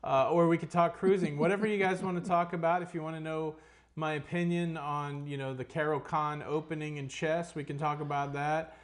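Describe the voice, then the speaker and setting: A man's voice: a little high, fairly even intonation, brisk. A man co-hosting a casual live cruise question-and-answer stream, rambling and full of puns. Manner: jokey, rambling, punning.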